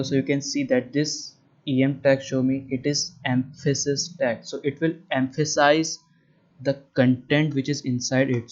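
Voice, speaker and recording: A man's voice: medium pitch, darkish tone, dull audio. A man with an Indian English accent teaching a web development class over a screen share, explaining patiently and checking in often with "right?". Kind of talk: screen-share coding lesson.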